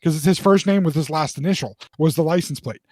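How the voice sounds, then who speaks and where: Man, 40s, podcast co-host; higher-pitched voice, dry and close, chatty storyteller who restarts his sentences. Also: fast talker, no room sound. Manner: rambling, animated storyteller with restarts. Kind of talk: casual storytelling chat.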